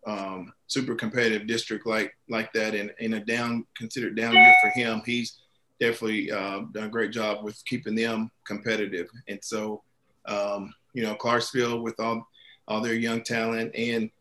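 Flat-voiced coach, halting and earnest. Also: male voice, fairly low pitch, noisy background. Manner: halting, many fillers and restarts, earnest. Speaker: girls basketball head coach, guest. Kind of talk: interview answers.

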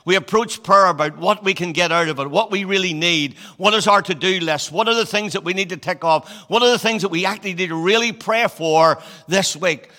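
A man in his sixties preaches in a loose, chatty, storytelling manner, often pausing on fillers and restarting his phrases. His voice sits a little high for a man and sounds bright and forceful. The sound carries a long reverb, like a church hall. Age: 60s. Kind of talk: sermon.

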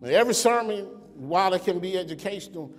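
A man's voice: sits high, expressive, fast, soft background music. A male pastor preaching a sermon to an online congregation, with a conversational style and frequent rhetorical questions. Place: church sanctuary. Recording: long reverb in a church sanctuary.

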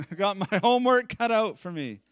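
A man preaching a conversational sermon at a live-streamed church service. He is animated and chatty, with self-deprecating asides. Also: high voice, moderate pace, clean tone, no echo. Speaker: pastor.

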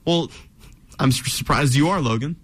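A man's voice: a little high, a little hiss or hum. Young man hosting college radio sports talk. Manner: teasing, runs the show with quick segment rundowns. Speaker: sports talk show host.

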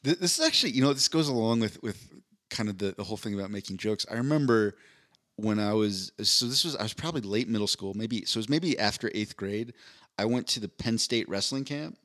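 A man, co-hosting a podcast in casual chat, telling stories with a dry delivery and lively quoted voices. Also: fairly low pitch, brisk. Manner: storytelling, animated quoted voices. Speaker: podcast co-host.

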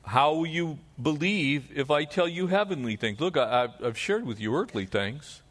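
A man pastor preaching a sermon, moving from emphatic rises to hushed, low drops. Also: animated, moderate pace.

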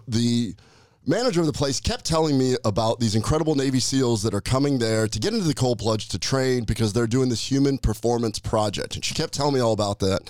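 A man's voice: medium pitch, darkish tone, no echo, clean studio sound. Rambling male podcast co-host. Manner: rambling storyteller with fillers. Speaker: co-host and doctor. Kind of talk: casual podcast chat.

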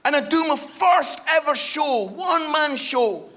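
Animated preacher, very high bright voice, playful storyteller who talks to the room. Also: male voice, unhurried. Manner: animated, playful, addresses the audience directly. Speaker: guest preacher. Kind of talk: humorous storytelling sermon.

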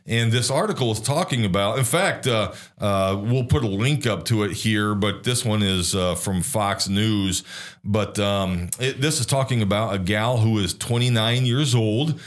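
Man, podcast co-host, fairly low voice, hesitant, frequent restarts, casual discussion. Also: unhurried. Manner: hesitant, many restarts and fillers.

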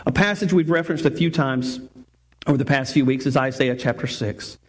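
A man's voice: medium pitch, a little fast. A man preaching a sermon as pastor, earnest, often restarting phrases and repeating words for emphasis.

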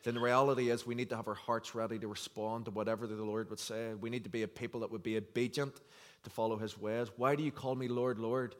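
Male pastor, mid-pitched, preaching earnestly in a reverberant church hall. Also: flat delivery, fast. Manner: earnest, conversational preaching with scripture reading. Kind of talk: sermon.

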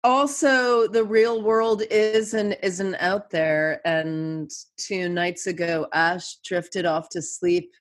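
A woman in her thirties with a slightly low voice talks in a loose, conversational way. She tells stories with lively acted-out quotes. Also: takes it slowly, hardly any pauses. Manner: animated storyteller, acts out quotes. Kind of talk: casual chat.

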